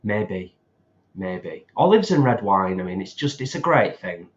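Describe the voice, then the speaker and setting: A man's voice: low-pitched, sing-song, a little slow, muffled recording. A man co-hosting a casual livestream, reading out viewer comments and chatting, with laughs along the way. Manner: chatty, laughs often, reads comments aloud. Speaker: co-host reading chat.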